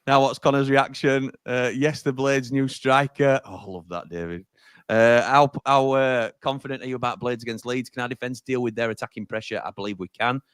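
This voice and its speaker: A man's voice: mid-range voice, steady tone, a little fast, a bit bright, clean tone, no echo, studio quality. A man from Sheffield hosting a fan watch-along stream, chatting casually and reading out viewer comments with frequent laughs.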